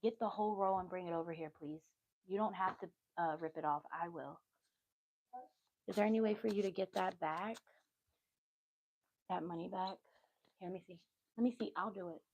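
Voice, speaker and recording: A woman's voice: lowish voice, moderate pace, long pauses, darkish tone, slightly rough, dry recording, poor audio. A woman giving a casual tarot reading on a livestream, chatty and easily sidetracked, with motherly asides. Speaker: tarot reader.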